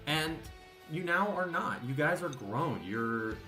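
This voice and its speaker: A man's voice: fairly high pitch, animated, takes it slowly. A man narrating as game master in a tabletop game, rambling with many fillers and restarts. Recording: echoey room with faint music.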